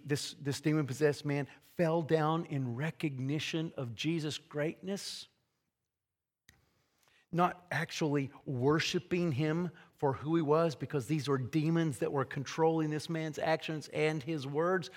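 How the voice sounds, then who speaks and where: A male preacher with a voice pitched a little above the usual for a man. He explains scripture earnestly and conversationally, often restarting his phrases and dropping in casual asides. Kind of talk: expository sermon.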